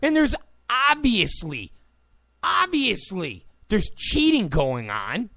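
A man's voice: high voice, huge pitch swings, slow pace, gravelly, sharp tone, dry recording. A man giving a heated political rant, repeating his points with sarcastic asides. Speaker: political commentator.

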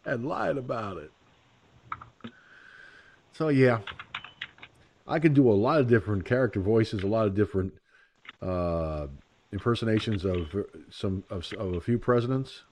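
A man hosting a casual radio talk show, blunt and profane, rambling and slipping into quick impressions. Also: on the low side, a little mellow, slight background noise. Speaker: host.

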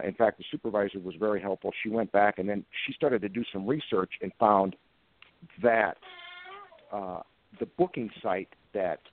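A man in his fifties, a police officer guest, telling anecdotes in an earnest, plain-spoken way. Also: on the low side. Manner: earnest, plain-spoken, emotional when recalling events. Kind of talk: anecdotal storytelling in conversation. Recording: tinny phone-like line, dry sound.

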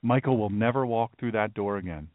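Solemn talk radio host, phone-like sound. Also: male voice, lowish voice, a little fast, no echo. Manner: solemn, emphatic, repeats phrases for weight. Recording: dry, narrow phone-like sound.

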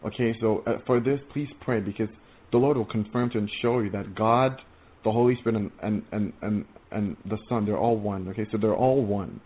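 A man giving an informal testimony sermon, earnest and excitable, rambling with many stammered restarts. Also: lowish voice, brisk. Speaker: preacher sharing visions. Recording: tinny phone-like audio.

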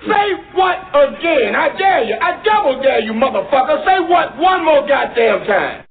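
A menacing gunman roars his threats in a high, wildly swinging voice. He sounds tinny and lo-fi, as if played from an old clip. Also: very animated, normal speed, full character voice. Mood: furious. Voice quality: shouting, menacing.

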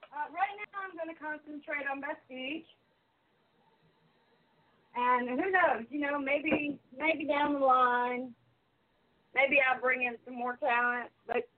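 Flirty Southern woman manager, fairly high voice, thin phone-like sound. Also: slow, long pauses. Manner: flirty, playful. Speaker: wrestling manager guest. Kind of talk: casual interview.

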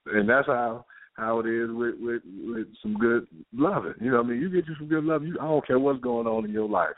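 A man's voice: mid-range voice, fairly quick, dry recording. A man, a guest playwright chatting casually on a talk show and acting out the people in his stories. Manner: animated storyteller, acting out quoted characters. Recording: tinny phone-line audio.

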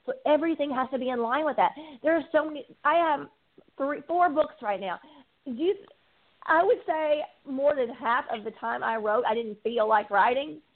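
A woman's voice: high-pitched, moderate pace. A woman speaking as a recovery coach in an earnest, preaching way, repeating phrases for emphasis. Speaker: guest, addiction recovery coach. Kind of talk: faith-based interview talk. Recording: tinny phone line.

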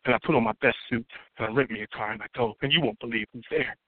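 A man's voice: mid-range voice, quick pace, no room sound. A man performing spoken word poetry as a guest poet, with a rhythmic, dramatic delivery that swells for emphasis. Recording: tinny phone-like line.

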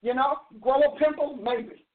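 Woman, sixties, high voice, emphatic storyteller, preachy, phone-quality sound. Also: fairly even intonation, a little slow. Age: 60s. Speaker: host. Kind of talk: animated opinion talk.

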